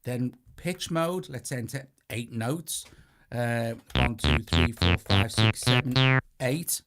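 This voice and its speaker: A British man talks through a synth walkthrough in a relaxed, chatty way, stumbling and restarting as he works the controls. His voice sits at an ordinary middle pitch. Synthesizer sequences play clearly behind him. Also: takes it slowly, over loud music. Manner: casual, chatty, self-correcting while pressing buttons. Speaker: synth tutorial host. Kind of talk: hands-on gear walkthrough. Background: synthesizer sequences playing.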